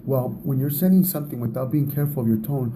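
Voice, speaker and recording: A man's voice: medium pitch, fast, noisy background. A man giving a casual talk on relationships, speaking in a conversational way, often repeating words and laughing at himself.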